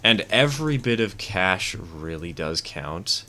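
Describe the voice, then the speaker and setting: A man's voice: sits low, big pitch swings, slow, bright, forceful tone, a little hiss or hum. A man streaming a train game, chatting casually and giving rambling, opinionated replies to chat. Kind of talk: casual gameplay commentary, reading chat.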